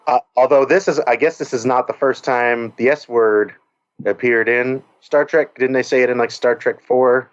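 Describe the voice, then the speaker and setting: A man in his late thirties, a podcast panelist talking casually with halting, enthusiastic fillers, heard over dull lo-fi call audio. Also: medium pitch, fairly even intonation.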